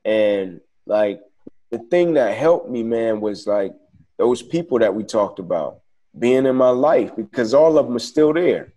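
An interview guest telling his own story, a man with a mellow, darker-toned voice. He speaks in an earnest, reflective way, loose and conversational. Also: medium pitch, expressive, measured pace.

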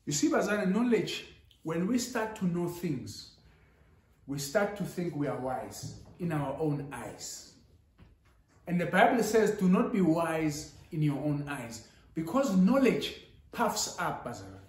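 A man's voice: fairly high pitch, big pitch swings, unhurried. A man preaching a sermon with rising emphasis, switching into Zulu now and then. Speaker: pastor. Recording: echoey church hall.

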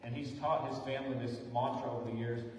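Pastor preaching in an echoey hall. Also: male voice, mid-range voice, steady tone, quick pace. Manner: earnest, pleading, rising to emphatic calls. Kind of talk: sermon. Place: church sanctuary. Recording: echoey hall, distant mic, faint noise.

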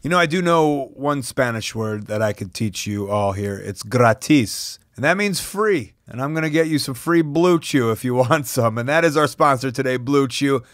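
A man's voice: mid-range voice, lively intonation, normal speed, few pauses, no room sound, studio quality. An American man hosting a podcast, joking around, laughing easily and reading an ad in a casual chatty way. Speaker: podcast host. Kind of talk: casual chat and sponsor read.

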